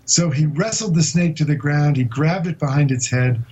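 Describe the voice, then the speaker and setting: Man with a halting, vivid storyteller voice. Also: fairly high pitch, a little mellow, lo-fi sound. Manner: vivid, halting storyteller with many uhs and restarts. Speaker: guest explorer recounting an expedition. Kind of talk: storytelling interview answer.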